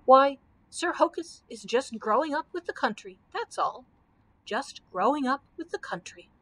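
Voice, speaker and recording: A woman's voice: high voice, lively intonation, moderate pace, fairly bright tone, voice pushed up. A woman voicing a timid, good-natured male lion in a storybook, groaning and resigned.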